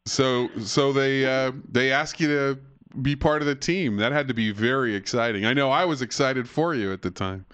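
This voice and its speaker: A man's voice: medium pitch, normal speed, a bit bright, smooth, lo-fi sound. A man hosting an interview, asking questions with fillers and laughing easily. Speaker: interview host. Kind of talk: interview conversation.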